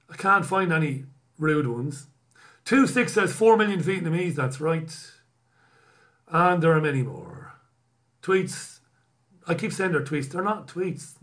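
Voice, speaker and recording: A man from Britain chats through a live stream, reading viewer messages aloud. His voice sits a little high for a man. He is sardonic and self-mocking, and swears freely. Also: a bit bright. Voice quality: bald, self-described poor at accents.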